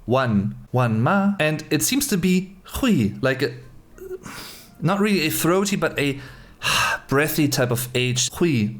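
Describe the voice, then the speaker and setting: A man's voice: on the high side, expressive, takes it slowly. German man musing over pronunciation. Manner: hesitant, musing, repeats phrases while practicing. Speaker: channel host. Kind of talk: casual language-learning commentary.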